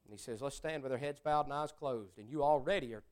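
A preacher delivering a sermon, swinging between loud exclamations and hushed prayer-like speech. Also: male voice, medium pitch, quick pace.

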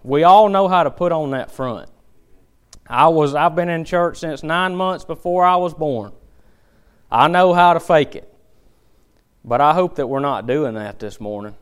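A man preaching a sermon with a clear, resonant, slightly high voice. He tells folksy stories and drives his points home with emphatic, animated delivery. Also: measured pace, long pauses.

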